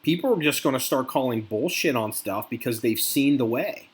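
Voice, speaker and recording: A man's voice: medium pitch, moderate pace. A man co-hosting a casual podcast, talking with a lot of swearing and acting out angry quotes. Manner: profane, animated, acts out angry quotes. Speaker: podcast co-host.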